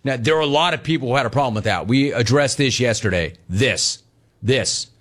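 A man hosting a sports talk show, chatting casually and reading out listener messages, jumping between quick asides and drawn-out words for emphasis. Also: medium pitch, a bit bright.

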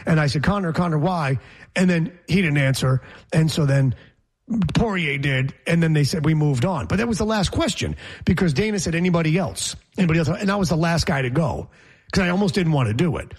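A man, a reporter, telling a story in casual chat, emphatic and animated. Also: fairly high pitch, fairly quick, breathy edge. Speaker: reporter guest.

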